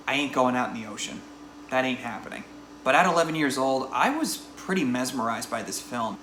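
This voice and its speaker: A man in his thirties talks through a film review in a relaxed, informal way, his voice bright and forward. The room adds a noticeable echo, with a faint hum of noise underneath. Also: mid-range voice. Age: 30s. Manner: chatty, conversational, informal. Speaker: movie reviewer. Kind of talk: casual spoken movie review.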